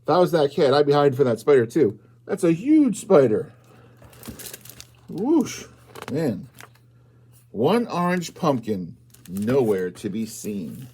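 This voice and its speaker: A man reading a picture book aloud to young children at storytime, asking them questions and bursting into loud exclamations. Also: medium pitch, very animated, a little slow, husky.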